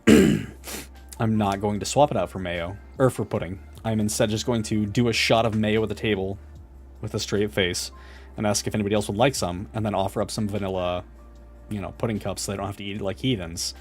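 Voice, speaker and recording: A young adult man chatting casually while building a model kit, animated and laughing through his story. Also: on the low side, a little fast, soft background music.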